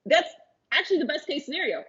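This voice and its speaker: Woman podcast co-host, casual sports talk, opinionated, animated, slightly dull lo-fi sound. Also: sits high, fast talker.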